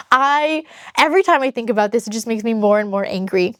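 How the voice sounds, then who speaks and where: A woman's voice: mid-range voice, brisk, a bit bright, smooth, no echo, studio quality. A woman telling her own story on a vlog in a frank, exasperated way, talking straight to the viewer.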